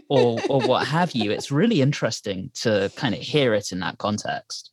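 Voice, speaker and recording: A man talks in a relaxed, wandering way, weighing each point as he goes. His voice sits at an ordinary middle pitch, and the recording is dry and close with no room sound. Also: normal speed, dry recording. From Britain. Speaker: podcast co-host and editor. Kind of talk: casual chat.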